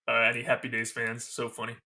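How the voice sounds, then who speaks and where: Guy on a podcast gushing over a movie, chatty and rambly, lots of ums, bright punchy voice. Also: mid-range voice. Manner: enthusiastic, gushing fan retelling scenes; loose and rambling, with many fillers. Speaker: podcast co-host. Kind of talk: casual movie review recap.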